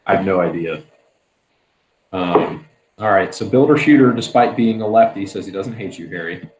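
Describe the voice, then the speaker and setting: Male host, low voice, relaxed chat, echoey room with faint hiss. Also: normal speed. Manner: laid-back, laughs often. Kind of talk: casual livestream chat.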